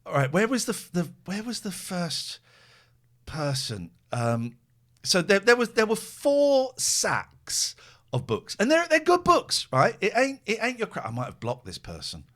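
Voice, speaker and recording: A man's voice: sits high, very animated, unhurried, fairly bright tone. A man hosting a podcast, telling exasperated, rambling anecdotes in casual chat. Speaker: podcast host.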